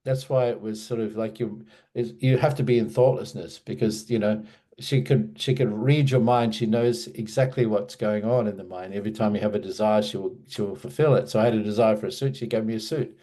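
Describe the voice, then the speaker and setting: An older man from Australia recalls his past in a loose, rambling storytelling style. He backs up and restarts often, and his voice sits fairly low with a mellow, relaxed tone. He speaks as a guest in a casual interview. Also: a little fast. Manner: meandering storyteller, many restarts and asides.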